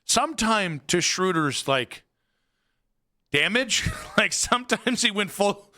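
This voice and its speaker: A man's voice: sits high, animated, slow pace, bright, forceful tone. A man hosting sports talk radio, rambling and opinionated, heavy with fillers and restarts in casual studio chat.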